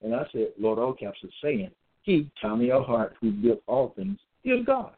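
A man's voice: mid-range voice, very animated, moderate pace. A man giving a solo religious monologue, reading scripture verses aloud and commenting on each one, often repeating phrases and checking in with "okay?". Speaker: self-styled preacher. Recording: tinny phone-like sound.

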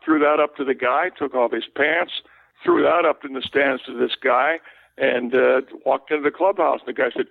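An older man, a veteran sports broadcaster, telling relaxed anecdotes as an interview guest. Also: medium pitch, normal speed, gravelly, dry recording. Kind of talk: casual interview, storytelling. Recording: tinny phone line, dry.

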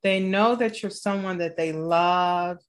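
A woman hosting an interview, with a slightly low voice for a woman. She backs up her guest with frequent affirming replies and asks thoughtful follow-up questions. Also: fairly even intonation, a little slow. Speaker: host. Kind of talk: interview talk.

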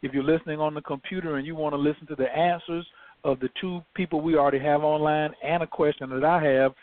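A man's voice: a little high, fairly even intonation, fast, dry recording. A man hosting a call-in show, plainly announcing instructions and repeating the call-in number. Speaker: host. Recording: tinny phone line.

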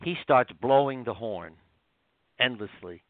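An older man, a guest author, telling heartfelt stories in an animated, rambling way with many restarts, heard over a phone line. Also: medium pitch, unhurried, dry recording. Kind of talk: storytelling interview.

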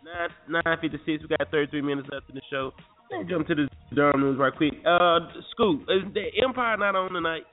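A man's voice: a little high, a little fast, faint music behind. A man hosting a casual morning radio show, laid-back and teasing, talking in slang. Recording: lo-fi phone-like sound.

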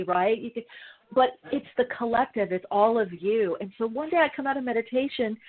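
Effusive woman host on a tinny line. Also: medium pitch. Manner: effusive, gushing, many fillers. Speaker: podcast host. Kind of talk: casual podcast talk.

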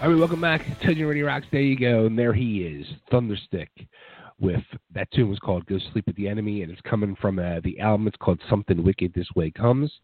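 A man hosting a rock radio show, hoarse from a cold, rambling casually with lots of fillers as he wraps up. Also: fairly low pitch, quick pace, no room sound, faint music behind. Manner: rambling, filler-heavy, laid-back. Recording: dry, phone-like narrow sound.

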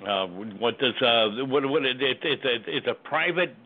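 A man on a thin, tinny phone line rants in a heated call-in, his pitch swinging up and down a lot as he stumbles and repeats himself. He sounds lively and worked up. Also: unhurried. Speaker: caller. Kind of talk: heated political call-in rant.

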